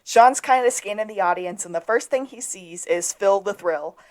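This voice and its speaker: A woman co-hosts a podcast and walks through a TV episode scene by scene. Her pitch sits in the middle range and her delivery is casual and chatty. Now and then she briefly acts out lines from the show. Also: moderate pace. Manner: retells scenes, acting out quoted lines. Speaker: podcast co-host. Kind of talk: casual episode recap chat.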